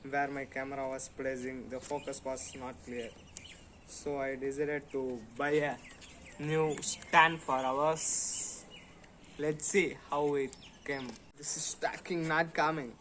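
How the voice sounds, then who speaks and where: A man with an Indian English accent, chatting slowly through an unboxing vlog, humming and making sound effects as he goes. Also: medium pitch, flat delivery, fairly bright tone, a little hiss or hum, rough recording. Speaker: vlogger.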